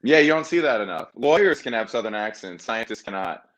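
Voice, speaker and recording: Dry, jokey man with a low voice. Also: animated, a little fast, fairly bright tone, highs cut off. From American South. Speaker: comedian guest. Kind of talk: casual video-call interview.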